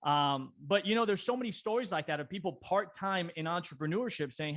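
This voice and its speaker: A man's voice: high-pitched, fairly quick, hardly any pauses, a bit bright. Chatty, teasing man co-hosting. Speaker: guest co-host. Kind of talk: casual podcast interview.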